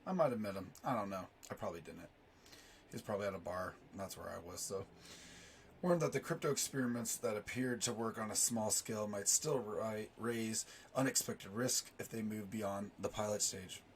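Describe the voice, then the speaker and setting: A man with a hoarse, raspy voice from a sore throat, casually reading finance news articles aloud and breaking off into rambling, self-deprecating asides. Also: fairly low pitch, normal speed, a little hiss or hum. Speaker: finance YouTuber.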